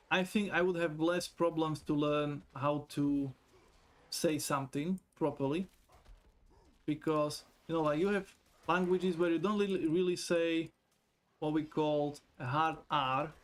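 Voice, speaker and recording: Man, somewhat high voice, profane, joking streamer chat. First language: not English. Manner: chatty, profane, joking, reads chat aloud. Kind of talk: casual gaming stream chat.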